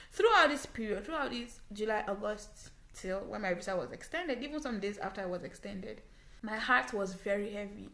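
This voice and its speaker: A young woman with a Nigerian English accent and a bright, forceful voice tells her own story straight to camera. She is earnest and emphatic and repeats phrases to drive points home. The sound bounces around a small echoey room. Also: mid-range voice. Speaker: vlogger.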